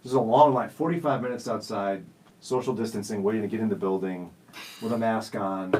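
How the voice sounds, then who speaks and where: A man's voice: fairly low pitch, brisk, darkish tone, far from the mic, rough recording. A man in his forties hosting a radio show, telling stories in a jokey, self-teasing way. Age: 40s. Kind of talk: casual studio chat. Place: radio studio.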